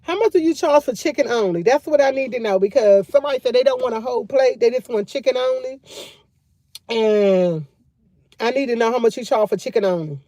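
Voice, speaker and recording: Loud chatty woman on a livestream. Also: fairly high pitch, a little fast, no room sound. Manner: loud, laughing, chatty storytelling. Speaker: livestream host. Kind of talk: casual livestream chat.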